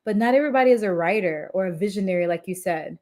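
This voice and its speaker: A woman's voice: mid-range voice, lively intonation, fast talker, a little mellow. A woman wrestler, a guest on an interview podcast, talking earnestly and with enthusiasm. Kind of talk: casual interview chat.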